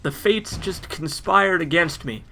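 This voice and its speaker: A man's voice: on the high side, measured pace, gravelly, background noise. A man giving casual let's play game commentary with wry, joking asides.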